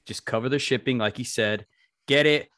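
A podcast host speaks earnestly to his listeners in reflective talk, urging them on, with a few stumbling restarts. His mid-range, slightly bright voice moves at normal speed, recorded at studio quality with no echo.

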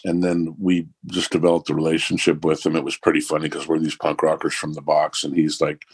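A man telling a profane, animated story in casual conversation. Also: rumbling low, fairly quick, husky, dry recording. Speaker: musician guest.

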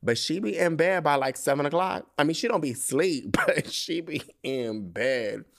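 A man hosting a solo podcast in casual chat, telling stories in slangy, profane speech, breaking into laughter and leaping up high when he quotes himself. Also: moderate pace, creaky. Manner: animated storytelling, jumping into high excited quoting, frequent laughter. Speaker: podcast host.

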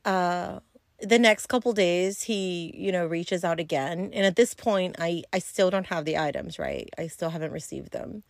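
Woman host telling a story solo, bluntly and with profanity, lowish voice, dry close sound. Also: sing-song, moderate pace, no room sound. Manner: blunt, profane and chatty, with many fillers. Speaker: podcast host.

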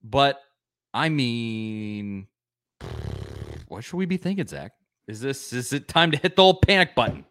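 A man hosting a casual sports podcast, excitable, given to bursts of laughing and shouting. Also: medium pitch, measured pace, long pauses, clean tone, no echo, clean studio sound. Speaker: podcast host.

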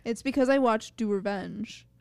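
A woman's voice: on the high side, normal speed, gravelly, no echo. Giggly woman co-host, dry close sound. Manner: relaxed, giggly, easygoing. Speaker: podcast co-host. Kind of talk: casual chat recapping a TV show.

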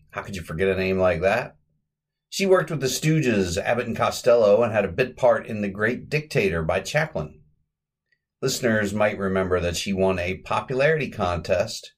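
Male podcast host with a lowish voice. Chatty, rambling recap delivery with self-corrections. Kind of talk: casual podcast film recap.

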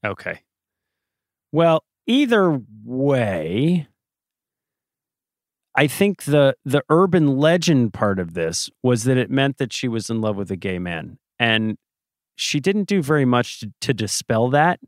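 A man's voice: medium pitch, very animated, slow pace, no echo, studio quality. A man co-hosting a podcast in casual chat, opinionated and sarcastic. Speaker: podcast co-host.

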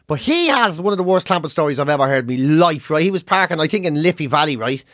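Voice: medium pitch, expressive, fairly bright tone, dry recording, clean studio sound. An Irish podcast co-host in casual chat, joking and swearing, often cutting themselves off mid-sentence. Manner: quick, jokey, swearing, self-interrupting.

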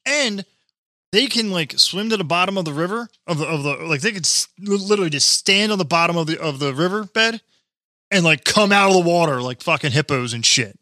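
A man's voice: high-pitched, lively intonation, fairly quick, pushed and bright, no echo, clean studio sound. A man co-hosting a casual comedy chat, swearing freely and joking crudely while reading out news stories. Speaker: podcast co-host.

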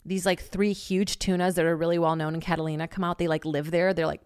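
A woman telling a long story in casual chat, animated and swearing freely, with lots of "like" and loudly acted-out quotes. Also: on the low side, fast, clear, resonant tone, no echo, clean studio sound. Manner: heavy use of filler "like".

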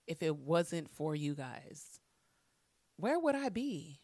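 Animated, profane young woman telling a story. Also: sits low, takes it slowly, dry recording. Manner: animated, profane, acts out quotes. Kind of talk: casual storytelling.

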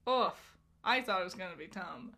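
A woman's voice: lowish voice, lively intonation, normal speed, bright, forceful tone. A woman co-hosting a podcast, chatting casually with many fillers and frequent laughs. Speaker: podcast co-host. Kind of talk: casual chat.

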